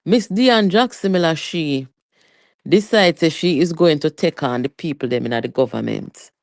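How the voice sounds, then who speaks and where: A livestreamer with a Jamaican accent giving a heated, animated political rant, mixing Patois with English and talking straight to viewers. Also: mid-range voice, clean tone, no room sound, clean studio sound. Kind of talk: live political commentary rant.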